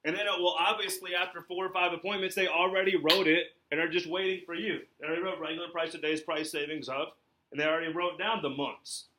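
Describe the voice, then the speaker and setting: Energetic male sales trainer in an echoey room. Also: on the high side, fast, distant mic, a little hiss or hum. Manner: energetic, coaching, checks in often with "right?".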